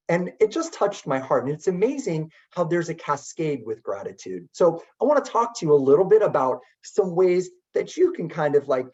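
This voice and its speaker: A middle-aged man telling a story in a webinar talk as keynote speaker, chatty and animated with many filler words. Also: fairly high pitch. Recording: dull lo-fi webinar audio.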